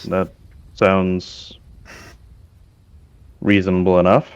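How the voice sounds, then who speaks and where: A man's voice: low voice, completely flat delivery, slow, clear, resonant tone, muffled recording. A man playing a tabletop game in casual chat, joking and hesitant, with small stammers. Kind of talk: casual tabletop role-play.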